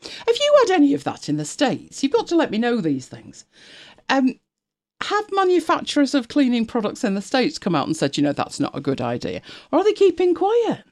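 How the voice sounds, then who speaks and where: With a darkish, fairly high voice that swings hugely in pitch, this UK woman talks a little fast. As co-host of a casual live chat stream, she reads while thinking aloud, laughing often in a chatty, sarcastic way.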